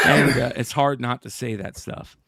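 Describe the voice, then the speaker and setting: A man hosting a casual show, telling stories in an animated, swearing, laid-back way. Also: medium pitch, a little slow, creaky, husky, no room sound. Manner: animated, profane storytelling. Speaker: show host. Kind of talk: casual storytelling chat.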